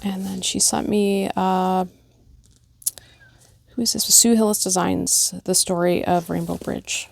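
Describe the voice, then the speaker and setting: A woman's voice: medium pitch, level tone, slow, gravelly. A middle-aged woman chatting casually and gushing as she shows off stitching gifts in a vlog at home. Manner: chatty, gushing, many fillers. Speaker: cross-stitch vlogger. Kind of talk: casual show-and-tell chat. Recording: noticeable background noise.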